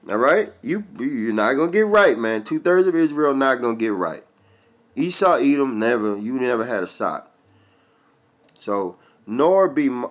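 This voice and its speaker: A man preaching a fiery religious rant, profane and confrontational, swinging between loud outbursts and low muttering while he reads scripture.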